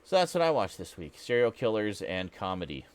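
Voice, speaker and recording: A man hosting a casual weekly geek chat, talking in a relaxed, rambling way with plenty of fillers. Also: fairly low pitch, fairly quick. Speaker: host.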